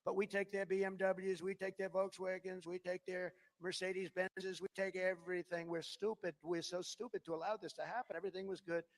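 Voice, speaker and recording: A rapid, high-pitched older man in his seventies working a rally crowd with a boastful, rambling speech. He jumps between booming claims and quiet, muttered asides, barely pausing for breath. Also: level tone. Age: 70s. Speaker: politician at a rally.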